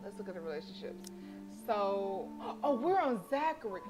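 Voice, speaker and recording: A woman's voice: medium pitch, normal speed. Chatty woman streamer over game music. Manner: chatty, animated, vents to chat. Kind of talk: casual game stream with read-aloud narration. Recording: music playing behind.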